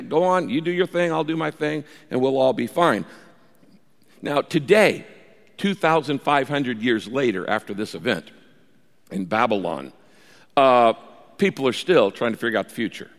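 A man preaching a sermon as a pastor, telling the story in a lively way and acting out the quoted speech. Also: medium pitch, in a large hall.

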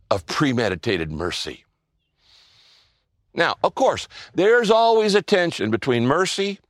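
An older man preaching a sermon in a conversational style, asking the listeners questions and dropping to a soft hush on key phrases. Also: mid-range voice, no room sound, clean studio sound. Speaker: pastor.

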